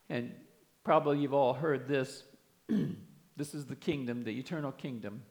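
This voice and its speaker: A man's voice: mid-range voice, moderate pace. A man preaching a sermon, earnestly explaining and reading scripture aloud with emphasis.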